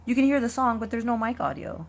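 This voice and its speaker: A woman's voice: on the high side, lively intonation, quick pace. A young woman streamer from Canada, talking casually to her viewers in a rambling way while losing her voice. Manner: chatty, rambling, frequent ums and likes. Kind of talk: casual vlog talk to viewers.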